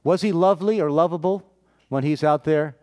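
A male preacher with a fairly high voice works through a Bible story. He voices each character's lines himself and keeps stopping to put questions to his listeners. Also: brisk, darkish tone. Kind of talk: sermon.

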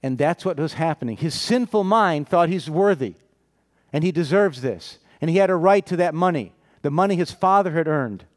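A man's voice: fairly high pitch, expressive, moderate pace. A man preaching a sermon, telling a Bible story, acting out the characters' lines and putting questions to his listeners.

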